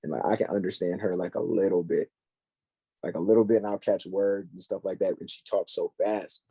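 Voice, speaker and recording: A man's voice: deep voice, a little fast, husky, no room sound. A young man chatting casually on a podcast, slangy and full of fillers as he tells stories. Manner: slangy, filler-heavy, animated storytelling.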